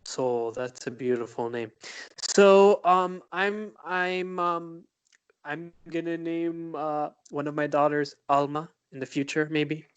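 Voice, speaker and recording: A man co-hosting a podcast, chatting casually and thoughtfully, pausing often with fillers and restarts. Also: on the high side, steady tone, clean tone. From United States. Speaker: podcast co-host. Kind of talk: casual chat.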